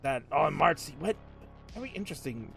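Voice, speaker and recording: A man's voice: fairly high pitch, big pitch swings, fairly quick, gravelly, soft background music. Hyped male play-by-play commentator. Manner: jokey, hyped, jumps to shouts at big moments. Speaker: host and commentator. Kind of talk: excited live play-by-play commentary.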